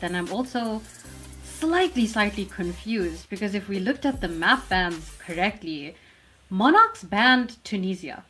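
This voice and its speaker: A woman casting a live esports match, playful in banter and quick in her play-by-play calls. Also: mid-range voice, expressive, bright, forceful tone, faint music behind, rough recording. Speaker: esports caster.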